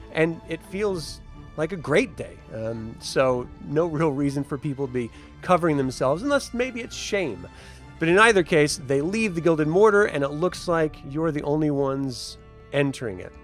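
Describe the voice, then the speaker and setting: A man running a tabletop game as storyteller, narrating scenes in a relaxed, chatty way with frequent fillers. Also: a little high. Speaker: game master.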